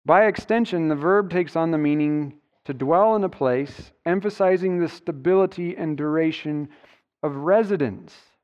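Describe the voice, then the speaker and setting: A man delivers a sermon in a fairly high, smooth and resonant voice. He works through a scripture passage and leans on key words to drive each point home. The sound carries a long church-hall reverb and a dull, muffled tone. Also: moderate pace, darkish tone. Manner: expository preaching, stressing key words. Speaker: pastor. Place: church sanctuary.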